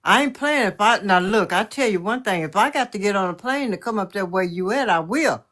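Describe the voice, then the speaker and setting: A woman's voice: medium pitch, lively intonation, a little fast, fairly bright tone. A woman, calling in to a livestream and scolding firmly in a motherly way. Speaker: caller on a livestream. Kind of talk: casual chat.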